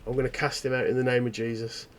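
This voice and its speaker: A man's voice: medium pitch, little pitch movement, fast, close to an everyday voice. A man voicing a fervent preacher. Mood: preaching. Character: fervent middle-aged male church pastor.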